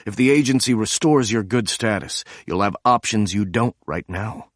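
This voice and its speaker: A man voicing a steady, loyal male friend who argues calmly and speaks resolutely. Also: fairly low pitch, moderate pace, no room sound, studio quality, close to an everyday voice. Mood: persuasive. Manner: reasoning, resolute.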